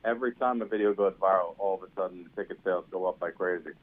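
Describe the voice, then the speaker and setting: Fast-talking comedian man from New York. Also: low-pitched. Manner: quick, storytelling, self-deprecating. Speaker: stand-up comedian guest. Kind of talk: casual interview chat. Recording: tinny phone-like sound.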